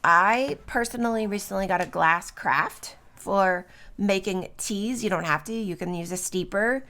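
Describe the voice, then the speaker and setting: Her voice sits in the mid range, unhurried but sharp in tone, as she talks about herbs on her solo podcast. She's a middle-aged woman recording at home early in the morning, chatty and loose, leaning on fillers and tag questions.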